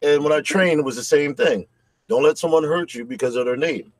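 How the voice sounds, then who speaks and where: A man's voice: fairly high pitch, brisk, darkish tone, no room sound, low-quality recording. A middle-aged man, a former wrestler and trainer, telling stories in a plain-spoken, laid-back way. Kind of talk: casual chat.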